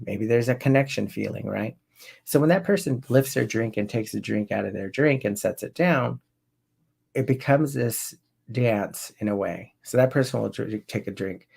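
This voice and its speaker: Middle-aged male coach, gravelly voice, loose and rambling teaching delivery with lots of restarts. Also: on the low side, darkish tone. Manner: rambling, with frequent restarts and tag questions. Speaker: NLP coach. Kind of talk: informal teaching talk.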